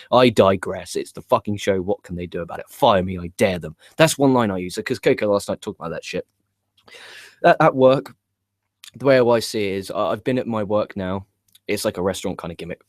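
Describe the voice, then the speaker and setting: A young man co-hosting a wrestling news show, chatting live in a rambling, excitable, profane way. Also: lowish voice, dry recording, clean studio sound.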